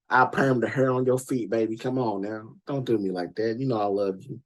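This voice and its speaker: Guy doing a sleazy smooth ring talking like a pimp, real low and hushed, husky croon. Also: normal speed, lightly acted. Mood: coaxing. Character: smooth-talking seductive magic ring acting as a male pimp.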